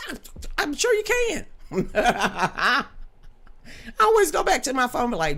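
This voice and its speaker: A woman hosting a casual live stream into a studio microphone, chatting with viewers in a loud, blunt and joking way, laughing often and swearing freely. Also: high-pitched, wildly swooping pitch, a little slow, creaky, long pauses. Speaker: livestream host. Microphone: studio microphone with a level meter.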